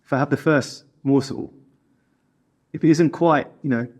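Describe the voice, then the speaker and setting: A man's voice: fairly high pitch, steady tone, moderate pace, darkish tone, slightly rough. Joking man, a bit off-mic. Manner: laughing, joking. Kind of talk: casual humorous anecdote.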